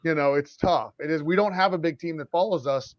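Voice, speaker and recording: Middle-aged male podcast co-host, fairly high voice, ranting in quick animated bursts, dry, slightly dull recording. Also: dry recording. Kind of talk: casual podcast chat.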